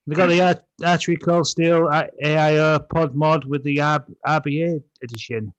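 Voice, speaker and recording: A man's voice: on the high side, fairly even intonation, moderate pace, no echo, dull audio. Man, podcast co-host, reading deals, stumbles on names, dry close sound. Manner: list-reading, stumbles over product names.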